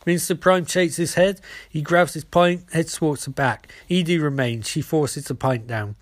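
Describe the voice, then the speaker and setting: A man's voice: fairly high pitch, moderate pace, no echo. A man reading a screenplay aloud, reading the stage directions, with frequent slips. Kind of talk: screenplay read-through.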